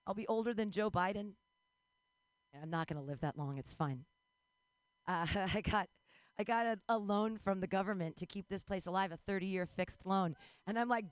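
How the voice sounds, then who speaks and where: A woman's voice: mid-range voice, normal speed, dry recording. A woman in her forties doing a rambling, bawdy stand-up comedy set, breaking into squeals and laughs. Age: 40s.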